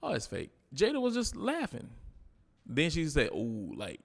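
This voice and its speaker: A man co-hosting a casual podcast chat, telling a story with animated delivery and acting out the quotes. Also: on the high side, a little slow, creaky. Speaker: podcast co-host.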